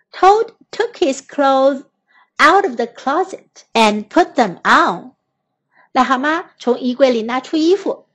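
A high-voiced woman with a Mandarin Chinese accent reads a children's story aloud in two languages, speaking slowly, clearly, and patiently.

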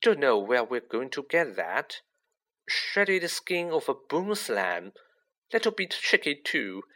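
A man reading a story aloud, putting on the voice of a clever, bossy young schoolgirl who talks shrilly and excitedly. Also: medium pitch, takes it slowly, voice pushed up, heavily acted. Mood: brisk. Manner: breathless, excited.

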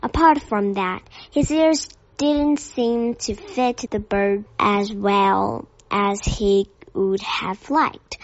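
A woman narrating a children's story with a gentle, careful reading. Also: mid-range voice, dry recording. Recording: dull dry lo-fi recording.

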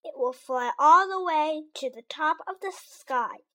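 A woman voicing a patient, steady frog. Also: high voice, a little slow. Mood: encouraging. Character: calm, patient male frog friend.

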